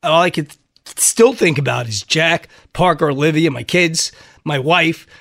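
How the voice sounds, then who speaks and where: A middle-aged man on the radio, speaking in a raw and openly upset voice that sits fairly high for a man. His studio sound is close and dry, with no room around it. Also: normal speed, vocal fry, a bit bright, dry recording. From United States. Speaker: radio host. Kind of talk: emotional on-air talk. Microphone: studio microphone.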